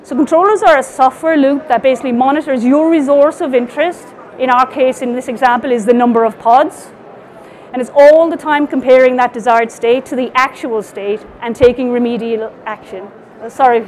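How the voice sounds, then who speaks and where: A woman's voice: high-pitched, steady tone, fairly quick, darkish tone, a little hiss or hum. A woman with an Irish accent giving a casual, explanatory technical talk with slides, with fillers and restarts. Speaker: conference speaker.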